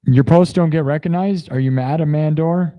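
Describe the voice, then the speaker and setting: A hoarse young man streaming live after hours of yelling. He gushes thanks to his viewers in a casual, effusive ramble. He jumps between loud hype and quiet asides. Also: on the high side, normal speed, muffled recording. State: sore throat from yelling.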